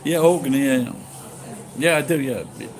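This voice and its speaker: A middle-aged man from Yorkshire, chatting casually on a livestream, rambling and halting, speaking slowly and swearing now and then. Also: mid-range voice, low-quality recording. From Yorkshire, England. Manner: talks slowly and deliberately. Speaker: livestream host. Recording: steady background noise.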